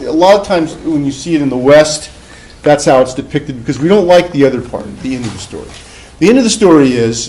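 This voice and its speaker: A man's voice: mid-range voice, darkish tone, a little hiss or hum, low-quality recording. A man giving a classroom lecture, telling a story in a conversational way with many fillers and restarts. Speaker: professor.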